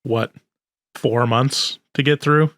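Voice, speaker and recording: A man's voice: mid-range voice, fairly even intonation, slow, fairly bright tone, no echo, clean studio sound. A man co-hosting a podcast, chatting loosely with lots of fillers and jokes. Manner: loose, filler-heavy, joking. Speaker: podcast co-host. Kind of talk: casual podcast chat.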